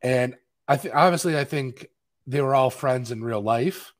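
A man with a medium-pitched voice talks at a normal speed while co-hosting a live film podcast. His chat is casual and rambling, stuffed with fillers.

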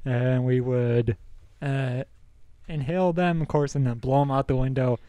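Young male podcast host, warm mellow tone, dry close sound, laid-back storyteller who laughs a lot. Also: medium pitch, steady tone, measured pace, smooth, no room sound, muffled recording. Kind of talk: casual storytelling.

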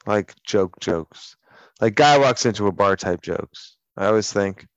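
A man with a low-pitched voice tells stories in a crude, profane, sardonic way during casual on-air banter. His voice sounds dull and dry, like a close studio mic with little treble. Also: moderate pace, no room sound. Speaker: radio co-host.

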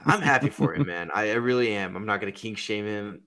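Guy with a lowish voice doing rambly dirty podcast jokes, cracks himself up. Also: animated, a little fast, over a noisy crowd. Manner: rambling, profane, laughs at own jokes. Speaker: podcast host. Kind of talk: crude comedic banter.

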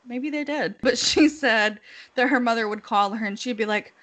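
Giggly chatty woman, higher voice. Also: moderate pace, a bit bright. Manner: giggly, chatty, laughs often while retelling. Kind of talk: casual chat.

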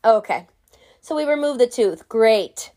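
A woman's voice: fairly high pitch, lively intonation, measured pace, mellow. A woman vlogger telling a story to camera in a casual way. She is frank, jokey and swears freely.

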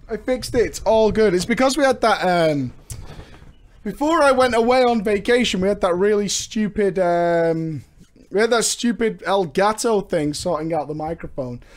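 A young man with a high, strained voice that he has mostly lost talks straight into a webcam at a desk indoors. He is excitable and loose, swearing freely and laughing through his chat. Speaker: vlogger. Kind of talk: casual webcam vlog.

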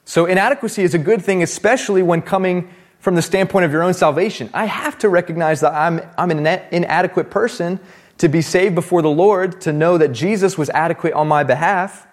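Male pastor, fairly high voice, relaxed conversational preaching. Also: a little fast. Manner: conversational preaching, acts out Bible dialogue in his own voice. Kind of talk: sermon.

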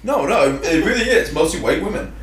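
A man's voice: on the high side, expressive, brisk, a little hiss or hum. A man co-hosting a casual podcast, rambling and swearing as he banters. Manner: rambling, swearing, mocking voices. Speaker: podcast co-host. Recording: echoey room from a distance.

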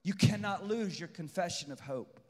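A man preaches with a high voice, building to shouts and dropping to intense hushed stretches. He hammers phrases by repeating them. His voice rings out with a long reverb in a large church hall. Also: normal speed. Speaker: pastor. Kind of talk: preached sermon.

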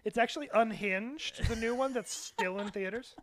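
A man's voice: high-pitched, normal speed, fairly bright tone. A man co-hosting a casual movie podcast, offering dry, matter-of-fact quips about the film. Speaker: podcast co-host. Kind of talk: casual movie watch-along chat.

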